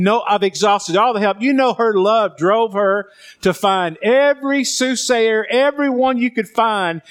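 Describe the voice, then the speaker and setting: High-voiced man preaching a sermon. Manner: preaching with sudden drops to soft, low emphasis; repeats words and restarts sentences. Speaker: pastor.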